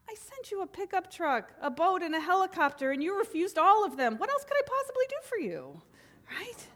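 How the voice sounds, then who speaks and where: A high-voiced middle-aged woman preaches to her congregation. She is animated and slips into acted voices for quotes. Her voice rings with a long hall reverb. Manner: animated, acts out quotes with voice changes. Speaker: minister. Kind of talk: sermon.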